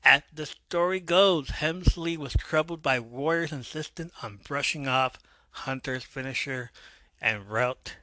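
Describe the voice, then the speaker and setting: This is a man hosting a casual podcast, excitable and quick to joke between his read-out passages. His voice sounds sharp and bright. The sound is dry and close to the mic. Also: a little high, no echo. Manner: excitable, laughs and jokes, swings between reading and riffing. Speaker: podcast host.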